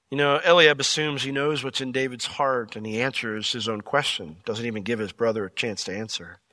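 A man preaching a verse-by-verse sermon as pastor, acting out the characters' lines in an animated way. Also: mid-range voice, a little fast, few pauses, no room sound. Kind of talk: expository sermon.

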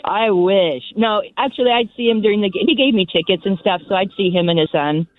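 A woman's voice: mid-range voice, a little fast, no echo, narrow, tinny audio, soft background music. Flustered, apologetic woman caller who giggles through her answers. Her voice sounds dry and close, with no room around it. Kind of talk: nervous on-air quiz chat.

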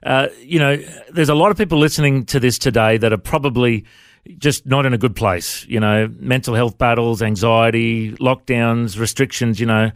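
A man's voice: medium pitch, steady tone, moderate pace, no room sound, clean studio sound. A man hosting a faith radio interview, friendly and chatty. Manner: friendly, says mate a lot. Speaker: radio host.

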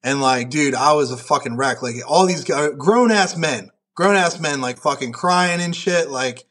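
A man's voice: on the high side, normal speed, a bit bright. Profane, rambling young man. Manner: profane, rambling, heavy use of "like". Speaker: podcast guest, powerlifter and referee. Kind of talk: casual podcast chat.

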